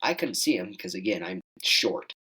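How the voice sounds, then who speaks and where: A man's voice: normal speed, husky, rough recording. A teenage young man telling a hunting story in casual chat, acting out the quoted lines in a raised voice. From Wyoming. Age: teens. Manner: animated, acts out quoted dialogue in higher voice. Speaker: guest hunter.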